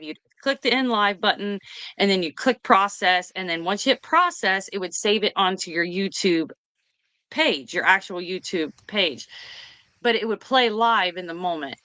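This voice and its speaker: Excited woman retelling a story. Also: medium pitch, dry recording. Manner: excited, rambling, quick retelling. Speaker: host. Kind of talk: casual storytelling chat.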